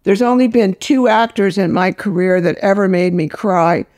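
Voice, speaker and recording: A woman's voice: mid-range voice, fairly even intonation, normal speed, a little mellow, no echo, studio quality. An older woman film director, a guest in a casual interview, telling stories bluntly and with salty language. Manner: blunt, salty, storytelling with laughs.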